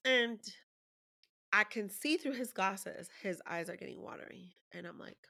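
Woman, candid storyteller, bright forward tone, emotional and profane, conversational. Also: medium pitch, a little slow, vocal fry. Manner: raw, emotional, swears freely.

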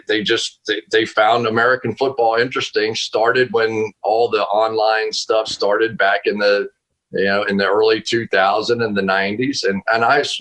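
A man being interviewed as a football analyst over a video call from home, telling a story in a casual, animated way with frequent laughs and restarts. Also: on the low side, poor audio.

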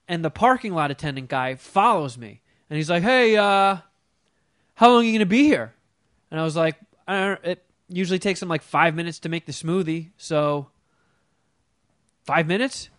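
Man with a high voice, casual profane storytelling, animated impressions, dry studio sound. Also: dry recording. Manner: animated, profane, mimics people in his story.

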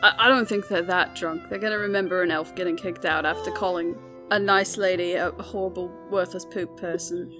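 Bright-voiced, playful woman game master. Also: lowish voice, fairly even intonation, fairly quick, soft background music. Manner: playful, laughs often. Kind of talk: narrating a tabletop game.

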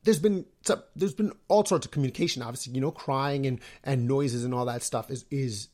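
A man's voice: medium pitch, fairly quick, darkish tone. A young man hosting a podcast in casual chat, talking in a rambling way with lots of restarts. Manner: rambling, with many restarts and fillers. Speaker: podcast host.

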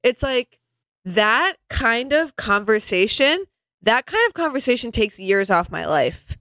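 Woman co-host, sardonic and exasperated, smooth and dry up close, mid pitch. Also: sing-song, measured pace, fairly bright tone, no echo. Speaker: podcast co-host. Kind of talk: casual comedic chat.

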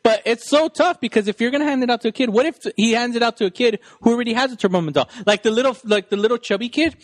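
A man's voice: extremely high pitch, racing, dry recording. A man co-hosting a podcast, chatting casually and rambling as he retells movie scenes. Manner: rambling, acts out quotes in voices. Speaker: podcast co-host. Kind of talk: casual chat about a movie.

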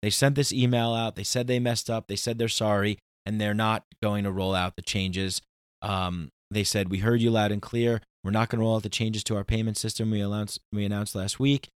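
A man's voice: fairly low pitch, fairly quick, smooth, no room sound. Podcast man ranting in a dry room. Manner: ranting, animated, emphatic. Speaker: podcast host. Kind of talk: casual monologue.

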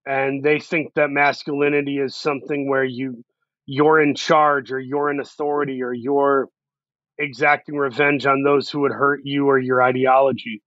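Guy talking earnestly in an interview, bright forceful voice, kinda muffled dry audio. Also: medium pitch, little pitch movement, moderate pace, no room sound. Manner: earnest, reflective, talks in long run-on thoughts. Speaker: actor, guest. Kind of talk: casual interview talk.

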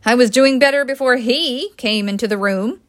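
A woman's voice: a little high, moderate pace, close to an everyday voice. A woman reading the part of a tired young new mother with a dry, sardonic way of speaking, in an audiobook. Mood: wry.

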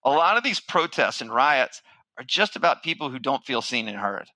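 A man's voice: mid-range voice, big pitch swings, moderate pace, sharp tone, no echo, rough recording. A middle-aged man giving a keynote, telling a story with animation and acting out his own panic. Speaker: keynote speaker, marketing firm founder.

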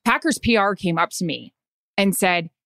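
A woman's voice: mid-range voice, lively intonation, moderate pace, a bit bright, dry recording, studio quality. A woman, a sideline reporter, telling an anxious story in casual chat.

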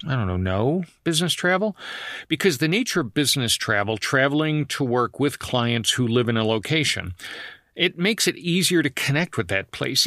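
A man's voice: medium pitch, sharp tone, dry recording, clean studio sound. A man hosting a solo travel podcast, telling stories in a conversational way with frequent asides. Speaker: podcast host.

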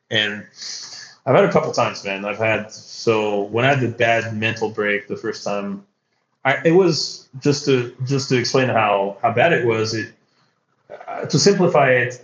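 A young man talks candidly as a podcast guest, his thoughts spilling out in halting, rambling runs with frequent restarts. His mid-pitched voice echoes around a roomy space, and the recording sounds a little dull and lo-fi. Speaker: podcast guest, startup founder.

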